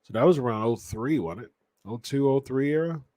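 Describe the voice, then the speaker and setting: A man's voice: medium pitch, fairly quick, mellow, no room sound. A man hosting a podcast, chatting casually about wrestling and often correcting himself mid-sentence. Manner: rambling, with frequent restarts and self-corrections. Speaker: podcast host.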